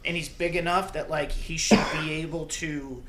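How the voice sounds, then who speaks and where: A man's voice: fairly high pitch, fairly even intonation, moderate pace. A man with a somewhat raised voice co-hosts a casual sports podcast. He gives blunt, opinionated takes, and a faint hiss sits under the recording. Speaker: podcast co-host.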